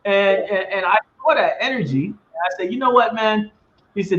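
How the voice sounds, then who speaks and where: Animated outspoken man on a video call. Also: sits high, moderate pace, roomy sound, dull audio. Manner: animated, outspoken, laughs often. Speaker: interview host, comic company head. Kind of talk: casual video-call interview.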